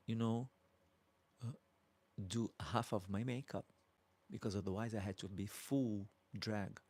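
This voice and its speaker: A man's voice: on the low side, gravelly, a little mellow. A man in his fifties from Brazil with a Brazilian accent, hosting a live Q&A as a drag performer and affectionately answering viewer comments. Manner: slow and affectionate, calling viewers darling. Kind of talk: casual live-stream chat reading viewer comments.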